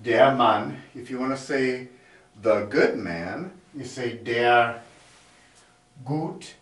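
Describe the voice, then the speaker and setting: A man's voice: mid-range voice, expressive. A man teaching a grammar lesson in a classroom, explaining step by step as he writes on a board. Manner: slow, explanatory, writing on a board as he talks. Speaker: German teacher. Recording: echoey room, mic far off.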